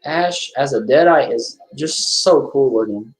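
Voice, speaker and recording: Lively man chatting through a movie. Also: medium pitch, measured pace. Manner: chatty, reacting aloud to the film as he watches. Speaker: horror movie commentator. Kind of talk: casual watch-along commentary.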